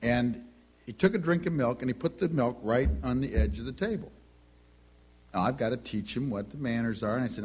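A middle-aged man preaching a sermon, telling stories with lively delivery and acting out the voices of the people in them. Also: medium pitch, a little fast, husky. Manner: animated storytelling, acts out quoted voices.

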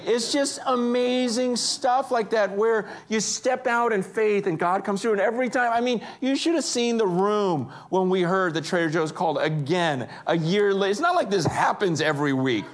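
A man preaching a sermon, telling stories with energy and swinging between hushed and excited moments. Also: high voice, moderate pace, few pauses, a little hiss or hum. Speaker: pastor.

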